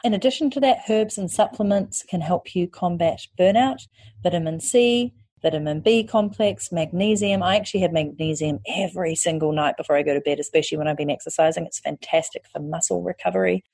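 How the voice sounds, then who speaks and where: A woman's voice: lowish voice, brisk, a little mellow, breathy edge, no echo. A woman hosting a podcast, giving candid advice in a chatty way that includes casual swearing. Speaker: podcast host and online course creator.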